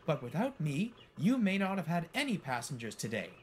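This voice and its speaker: A man's voice: on the high side, sing-song, a little fast, a little hiss or hum, voice pushed up. A man voicing a timid young female diesel engine from a storybook, who stammers nervously. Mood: indignant.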